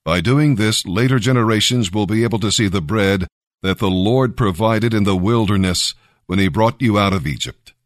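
A man reading the words of Moses, a stern elderly leader, in an earnest, measured way. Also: fairly low pitch, dry recording, clean studio sound, close to an everyday voice. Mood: instructing.

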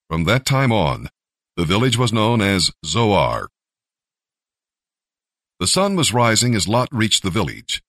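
A man narrating a scripture story with expressive storytelling. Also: on the low side, takes it slowly, pauses often, dry recording, clean studio sound. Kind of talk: scripture reading.

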